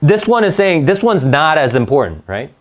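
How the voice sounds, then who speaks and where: A man's voice: on the high side, very animated, moderate pace. A man teaching a grammar lesson to a class, restarting words often and checking in with "right?".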